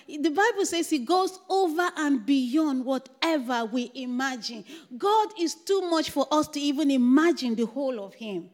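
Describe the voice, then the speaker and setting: A woman's voice: high-pitched, expressive, moderate pace, few pauses. An older woman giving a church testimony, telling a story and laughing often. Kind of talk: testimony sermon. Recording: echoey church hall.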